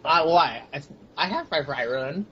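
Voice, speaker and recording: A man's voice: on the high side, expressive, a little slow, sharp tone. A young man trading wisecracks and mumbled asides in a casual chat. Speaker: co-host, joking sidekick. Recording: dull lo-fi home recording with faint hiss.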